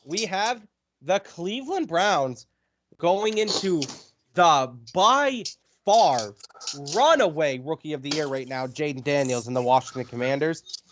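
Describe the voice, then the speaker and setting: A man's voice: fairly high pitch, unhurried, slight background noise. A man co-hosting a casual sports podcast, leading the game picks and swearing casually. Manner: animated, swears casually, runs through games. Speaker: podcast co-host running the picks.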